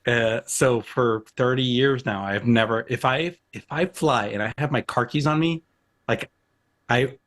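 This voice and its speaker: A man's voice: mid-range voice, unhurried, fairly bright tone. A man co-hosting a podcast, rambling through a personal story in casual chat. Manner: rambling storyteller, laughs often. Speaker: podcast co-host.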